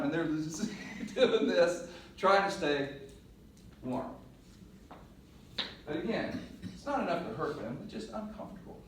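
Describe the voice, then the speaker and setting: A middle-aged man coaching on presentation skills, telling a lively story to a class and acting out the voices. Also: fairly high pitch, measured pace, pauses often. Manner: animated storyteller, laughs and acts out voices. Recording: roomy echo, mic at a distance, faint noise.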